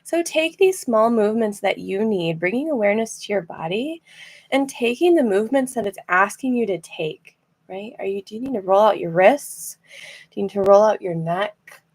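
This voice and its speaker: A woman leading a guided rest and relaxation practice from her chair, gentle and encouraging, laughing now and then and using fillers. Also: mid-range voice, animated, moderate pace, husky. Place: seated in a chair.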